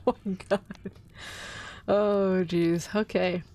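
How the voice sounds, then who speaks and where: A woman's voice: mid-range voice, little pitch movement, slow, dark tone. Chatty woman streamer reading aloud. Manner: chatty, playful asides to chat. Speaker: vtuber host reading a story. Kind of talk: casual storytelling stream.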